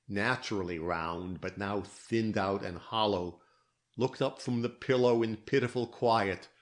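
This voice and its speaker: Slow, measured male audiobook narrator. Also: on the low side. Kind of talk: scripted narration.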